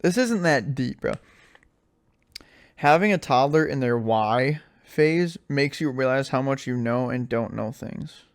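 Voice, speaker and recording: A man's voice: medium pitch, unhurried. A young man hosting a podcast on his own, chatting casually and telling stories with a lot of slang and filler words. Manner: animated storyteller, slangy, says "like" and "dude" a lot. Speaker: podcast host. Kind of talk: casual solo podcast chat.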